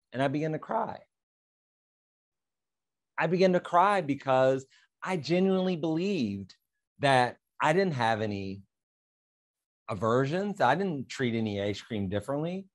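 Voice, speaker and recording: A man presents a lesson through a playful, drawn-out story, voicing both sides of an imagined conversation. He leans on repetition for emphasis and keeps his delivery animated, with an ordinary mid-pitched voice. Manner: emphatic, repeats phrases. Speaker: presenter on fair housing. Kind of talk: illustrative talk with a story.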